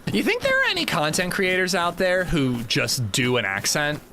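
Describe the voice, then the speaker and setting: American male streamer, lively pitch, casual joking chat, game audio audible underneath. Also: normal speed, slight background noise. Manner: joking, chatty, reading and answering chat. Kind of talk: casual gaming livestream chat.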